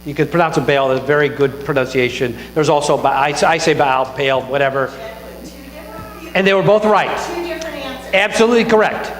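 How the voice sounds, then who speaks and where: A man's voice: on the high side, normal speed, slight background noise. A male pastor giving a chatty sermon on a microphone in a church, joking and mocking himself. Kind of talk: conversational sermon. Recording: echoey church hall with long reverb.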